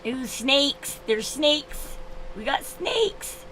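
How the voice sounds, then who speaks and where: Woman, thirties, livestream host, casual rambling talk, slightly high voice. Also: big pitch swings, extremely slow, bright, forceful tone, slight background noise, poor audio. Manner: chatty, rambling with restarts.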